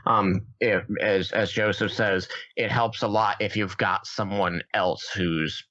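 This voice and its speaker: A man co-hosting a gaming podcast in casual chat, acting out his own reactions with lively shifts. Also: fairly low pitch, slow, no room sound, muffled recording. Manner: animated, acts out his own past reactions. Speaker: podcast co-host.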